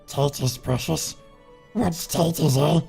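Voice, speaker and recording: Smeagol, a man doing a raspy creature voice. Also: takes it slowly, dark tone, soft background music, heavily acted. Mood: curious. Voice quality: raspy, hissing. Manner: wheedling, talks to himself, swings wildly in pitch. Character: wheedling, raspy, gollum-like male creature, twitchy and hungry. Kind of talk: live stream impression.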